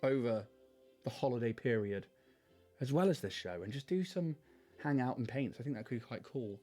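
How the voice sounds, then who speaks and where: A man's voice: medium pitch, animated, moderate pace, dark tone, faint music behind. Chatty self-mocking man hosting. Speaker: host. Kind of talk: casual chat while painting miniatures on a livestream.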